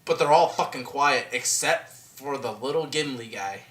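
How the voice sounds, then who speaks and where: A young man co-hosting a casual movie podcast, animated and swearing freely, often mimicking film characters. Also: mid-range voice, normal speed, echoey room. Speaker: podcast co-host. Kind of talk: casual chat about movies.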